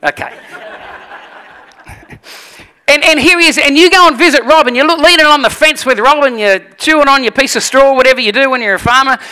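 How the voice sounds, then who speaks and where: A man preaching a sermon, telling animated stories and acting out the voices. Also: very high voice, fairly quick, pauses often, in a large hall. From Australia. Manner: animated storytelling, acts out voices. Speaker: pastor.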